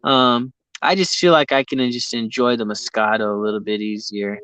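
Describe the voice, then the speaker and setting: A man's voice: on the low side, fairly even intonation, moderate pace, fairly bright tone, clear, resonant tone, no echo, low-quality recording. An American man hosting a casual chat, rambling and full of filler words. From United States. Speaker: host.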